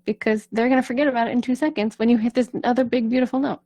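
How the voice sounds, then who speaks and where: A woman's voice: fairly high pitch, fairly even intonation, quick pace, mellow, dry recording. A woman voice coach giving a casual, reassuring talk, often checking in with "right?".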